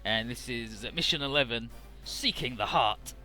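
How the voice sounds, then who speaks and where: A man's voice: mid-range voice, pushed and bright, faint music behind. A man hosting a casual game playthrough, recapping the story and swearing casually. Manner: paraphrases dialogue in quick put-on snippets. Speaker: let's-play host.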